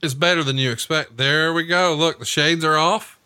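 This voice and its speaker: A man with a bright, forceful voice tells stories in casual podcast chat, heavy with swearing and mocking put-on voices. His sound is dry and close. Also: a little high, normal speed, smooth, dry recording. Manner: profane, animated storytelling with mocking impressions.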